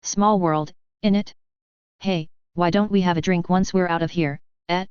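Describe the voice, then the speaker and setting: Brief: cocky male British sergeant, brash and slangy, low smooth voice, read by a woman, dry dull recording. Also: fairly even intonation, moderate pace, no echo, close to an everyday voice.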